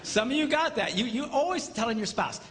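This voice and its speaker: A man's voice: very high-pitched, very animated, a little fast, a bit bright. A man giving a live, comedic seminar lecture, acting out quoted voices for laughs. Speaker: seminar speaker. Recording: reverberant hall with faint noise.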